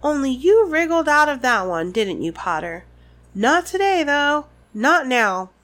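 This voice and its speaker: A woman's voice: sits high, big pitch swings, unhurried, a bit bright, full character voice. A woman reading a sugary, menacing woman official's lines from a book, prim and falsely sweet.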